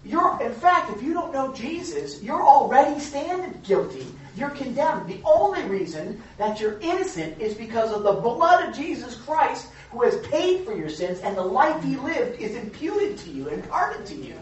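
Animated preacher woman in an echoey hall. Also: high-pitched, moderate pace, few pauses. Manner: animated, emphatic, acts out quoted voices. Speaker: youth pastor. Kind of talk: lively youth sermon. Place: church hall. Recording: echoey hall from far off, dull.

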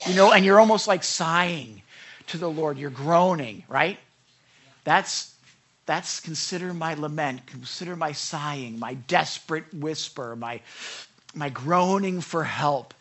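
A pastor giving a conversational sermon, earnest and repetitive, who stops to act out prayers, sometimes in a whisper and sometimes in a loud cry. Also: medium pitch, measured pace.

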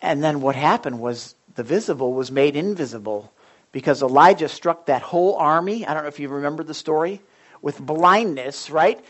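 A pastor preaching a sermon, retelling a Bible story in a rambling, animated way. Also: male voice, fairly high pitch, moderate pace.

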